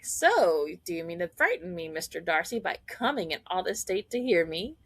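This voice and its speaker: A woman voicing a witty, bold young English gentlewoman who speaks in a quick, teasing way. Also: on the low side, sing-song, no echo, pitched below the performer's own voice, exaggerated voice.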